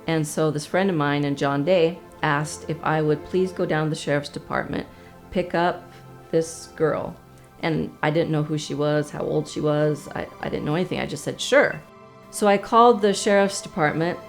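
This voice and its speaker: A woman recounting events in an interview, matter-of-fact and steady. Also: sits low, normal speed, soft background music, rough recording. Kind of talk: interview recollection.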